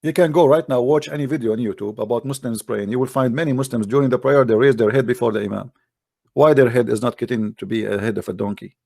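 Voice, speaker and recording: A man's voice: medium pitch, fast talker, creaky, a little mellow, no room sound. Argumentative man, dry close sound. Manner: argumentative, mocking, challenging. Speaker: host. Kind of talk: debate on a live call-in stream.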